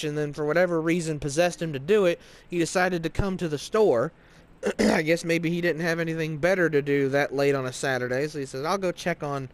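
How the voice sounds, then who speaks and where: A man telling a long story in a casual, rambling way, full of fillers and restarts. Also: on the high side. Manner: rambling, conversational, lots of fillers. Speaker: gaming video narrator. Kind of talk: casual storytelling over gameplay.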